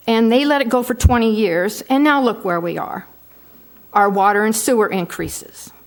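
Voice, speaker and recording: Firm woman in her sixties, higher voice. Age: 60s. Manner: firm, persuasive, emphatic. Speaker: advisory board member. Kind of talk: formal statement at a public meeting.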